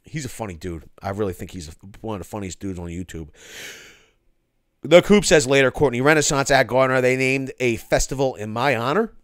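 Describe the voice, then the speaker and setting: A man hosts a live Q&A stream, reading viewer chat aloud in an excitable, chatty way. His mid-pitched voice swings widely up and down, and the sound is close and dry. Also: no echo. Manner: excitable, peppered with "yo", quick asides. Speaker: host of a construction live stream.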